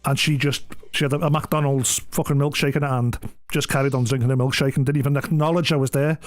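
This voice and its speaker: A man's voice: medium pitch, fairly even intonation, fast. A middle-aged man, chatting casually on a live stream, rambling through anecdotes with frequent swearing and laughs. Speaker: game streamer.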